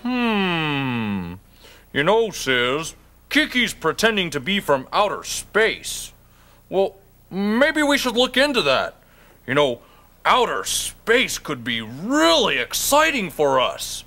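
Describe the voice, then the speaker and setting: A man's voice: sits high, slow, exaggerated voice. A man voicing an eager, goofy male puppet dog who gasps and stumbles over his ideas in a children's TV puppet show. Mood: thoughtful. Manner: excitable, bumbling, gasping.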